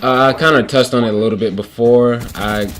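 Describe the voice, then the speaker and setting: A man's voice: medium pitch, steady tone, fairly quick, fairly bright tone, a little hiss or hum. A young man giving casual game commentary while telling a story, loose and rambling with lots of restarts and fillers. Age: young adult. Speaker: gaming commentator. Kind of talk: casual storytelling over gameplay. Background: faint guitar playing.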